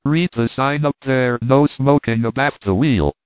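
A man's voice: medium pitch, a little slow, no room sound, natural voice. A man doing a curt, stern captain. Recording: dry, tinny phone-like sound.

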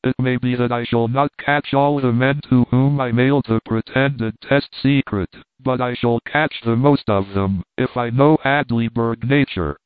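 A man reading the part of a scornful stranger who gloats over the town he has tricked, in a measured, mocking way. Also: mid-range voice, steady tone, clean tone, dry recording, lightly acted. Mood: gloating. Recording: dry, tinny phone-like sound.

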